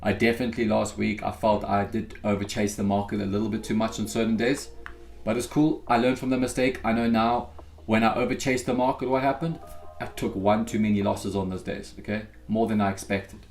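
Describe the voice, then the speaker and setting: A man's voice: on the low side, a little fast, gravelly. Laid-back man talking through live trades. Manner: relaxed, chatty, addresses viewers as guys. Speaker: futures day-trading livestream host. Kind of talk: casual live trading commentary.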